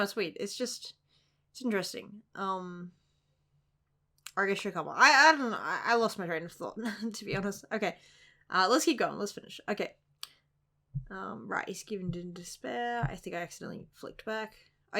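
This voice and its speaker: A woman's voice: medium pitch, fairly bright tone. Young woman, casual manga reviewer, giggly and rambling, mid-height voice. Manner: giggly, rambling, lots of fillers. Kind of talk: casual reaction chat while reading aloud.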